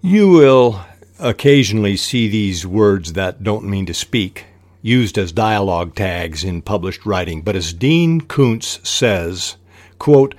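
A man hosting a writing podcast, explaining technique in a measured way and reading quoted passages aloud. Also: lowish voice, lively intonation, a little mellow, no echo. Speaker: podcast host teaching fiction writing. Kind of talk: instructional podcast talk.

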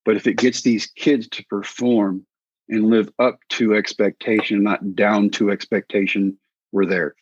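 A man being interviewed, a former baseball coach and pitcher, telling folksy anecdotes and acting out other people's voices. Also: flat delivery, unhurried, breathy edge, no room sound. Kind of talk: animated storytelling in an interview. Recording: dull, dry recording.

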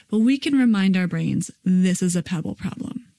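A woman's voice: mid-range voice, warm tone. A woman in her thirties hosting a parenting podcast in a casual, chatty way, acting out children's lines. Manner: quick, chatty, acts out kids' lines.

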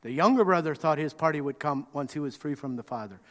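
A man preaching a sermon, telling the story in an animated way and acting out the quotes. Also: fairly high pitch, quick pace. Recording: reverberant hall.

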